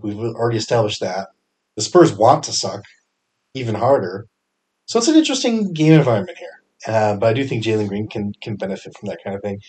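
A young man hosting a fantasy sports podcast, talking casually with energetic bursts and frequent fillers. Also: fairly low pitch, slightly rough. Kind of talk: casual solo podcast picks.

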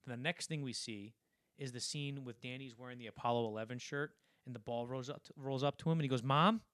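Male podcast co-host, middle pitch, dry close sound, rambling scene-by-scene recaps. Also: fairly even intonation, clear, resonant tone, no room sound. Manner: rambling, acts out film lines in quick impressions. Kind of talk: casual film discussion.

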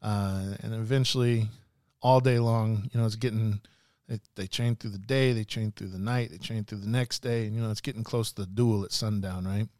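A man's voice: on the low side, steady tone, normal speed, a little mellow, no echo, studio quality. A man, a podcast guest, musing and retelling a martial arts story in a loose, profane way. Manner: rambling, many fillers and restarts, casual profanity. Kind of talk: casual podcast talk and storytelling.

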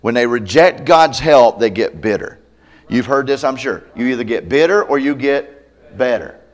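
Male pastor, middle pitch, very expressive intonation, chatty candid sermon delivery. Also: moderate pace. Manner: conversational, acts out quoted voices; candid, self-deprecating humor. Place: church camp meeting.

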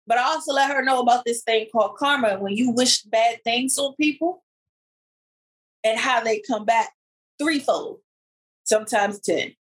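Casting: woman podcast co-host, fairly high voice, animated slangy storyteller. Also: normal speed, rough recording. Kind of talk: casual chat.

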